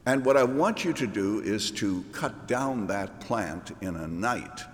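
A man preaching a sermon voices God, questioning and gently chiding a sulking prophet. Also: fairly low pitch, expressive, unhurried, a little hiss or hum. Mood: commanding. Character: God, patient questioning divine voice, male. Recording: reverberant hall.

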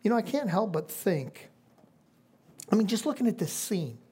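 A woman's voice: mid-range voice, big pitch swings, moderate pace, mellow, slightly rough. A woman preaching a sermon, emphatic and fond of repeating phrases for stress.

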